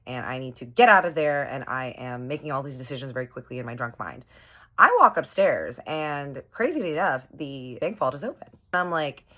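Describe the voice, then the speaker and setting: A young woman with an unusually low, deep voice tells a long storytime. She talks casually and dramatically, calling her viewers y'all. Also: a bit bright. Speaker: storytime vlogger.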